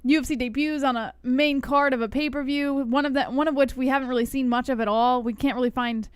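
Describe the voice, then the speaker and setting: A woman co-hosting a casual podcast, blunt and quick, swearing casually. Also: high voice, steady tone, smooth, dry recording, studio quality. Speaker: co-host.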